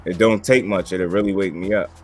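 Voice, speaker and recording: A man's voice: sits low, steady tone, brisk, music in the background. A young man co-hosting a casual talk show, telling loose, slangy stories full of profanity. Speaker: podcast co-host. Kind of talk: casual chat.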